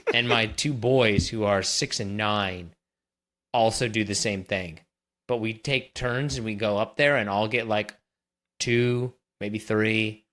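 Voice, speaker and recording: A man's voice: lowish voice, fairly bright tone. A man in his thirties co-hosting a podcast, teasing in a dry, casual way. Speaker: podcast co-host. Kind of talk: casual chat.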